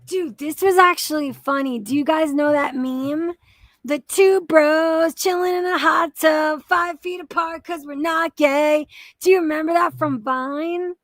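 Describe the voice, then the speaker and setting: A young woman with a high voice rants through reaction commentary, swearing freely, exasperated and mocking. She takes her time, leaning on her words slowly. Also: steady tone, no room sound. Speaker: commentary channel host.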